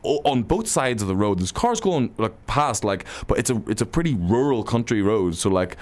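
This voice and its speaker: Man, very low voice, hushed casual anecdote, radio guest. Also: big pitch swings, normal speed. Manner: hushed storytelling with fillers.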